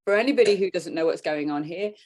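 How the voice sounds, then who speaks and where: A woman's voice: lowish voice, quick pace, a little mellow. A woman hosting a video interview, upbeat and friendly as she introduces her guest.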